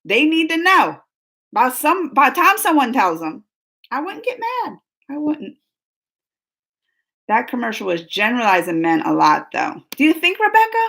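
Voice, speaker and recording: Animated, rambling woman host. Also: sits high, moderate pace, gravelly, pauses often. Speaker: reaction show host. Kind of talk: casual discussion with friends.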